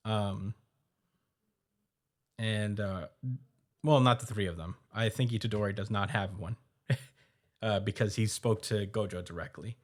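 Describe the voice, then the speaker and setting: A man co-hosting a podcast, casually recapping a manga chapter with lots of fillers and quick quoted asides. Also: fairly low pitch. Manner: loose, filler-heavy retelling with quick quoted asides and laughs.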